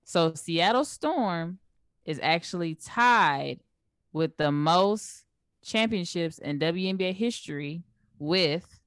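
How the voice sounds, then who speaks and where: A young woman with a low, smooth voice co-hosts a casual sports talk show. She laughs often and runs through stats in easy, slangy talk. The sound is dry and close. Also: expressive, slow pace, no echo. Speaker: co-host.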